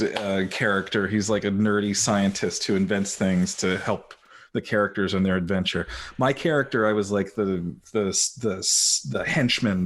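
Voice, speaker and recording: A man who is an actor, guesting on a podcast and telling stories in a laid-back, self-deprecating way. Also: fairly low pitch. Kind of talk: casual interview chat.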